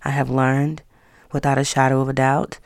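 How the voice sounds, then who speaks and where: A woman hosts her own talk podcast in a casual, motivational way. Her voice has a gravelly, creaky edge, and she leans on words with drawn-out emphasis. The sound is close and dry, with no room around it. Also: rumbling low, completely flat delivery, no room sound. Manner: earnest, encouraging, drawn-out emphasis. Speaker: podcast host.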